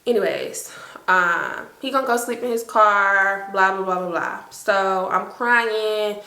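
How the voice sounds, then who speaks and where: A young woman, telling an animated, slangy storytime to her viewers. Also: medium pitch, slow, vocal fry, echoey room. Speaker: storytime vlogger. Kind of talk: casual storytime.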